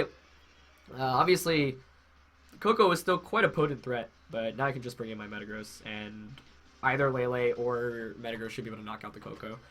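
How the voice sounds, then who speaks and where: A man's voice: medium pitch, bright, forceful tone. A young man with a head cold, congested, casually commentating his own match while thinking aloud with fillers and self-corrections. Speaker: game commentator.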